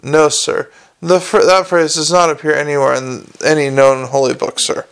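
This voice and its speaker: A man's voice: a little high, level tone, moderate pace, creaky, clean tone. A man voicing a prim, preachy young constable. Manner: reproachful, earnest and preachy. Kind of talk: audiobook character reading.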